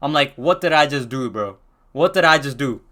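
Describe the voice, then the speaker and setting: A man's voice: medium pitch, lively intonation, normal speed, bright, forceful tone. A young man casually telling a rambling storytime, full of slang and restarts.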